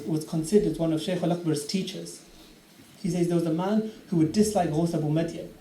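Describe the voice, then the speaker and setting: A man's voice: fairly high pitch, slight background noise. A man giving an impassioned religious lecture, telling stories and crying out quoted prayers. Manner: impassioned, storytelling, rising to loud cries in quotes. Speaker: speaker. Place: Islamic centre hall. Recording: echoey hall from far off with faint ambience.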